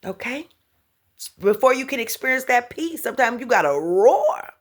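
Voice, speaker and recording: A woman quoting a wise mother, hushed. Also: fairly high pitch, big pitch swings, moderate pace, pitched above the performer's own voice. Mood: counseling. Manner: soft, hushed counsel. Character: wise mother advising her son.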